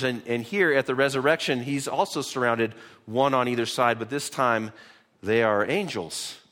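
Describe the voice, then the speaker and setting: Pastor, male, mid-pitched voice, relaxed conversational sermon delivery with frequent restarts. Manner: conversational, repeats words when restarting, reads scripture aloud. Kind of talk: sermon teaching through a Bible passage.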